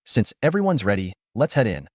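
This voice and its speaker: A courteous young tamer speaks with earnest concern, as a man voices him while reading aloud. His low voice moves with lively pitch. The recording sounds dull and dry. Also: fairly quick, no echo. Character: young male beast tamer, polite and earnest.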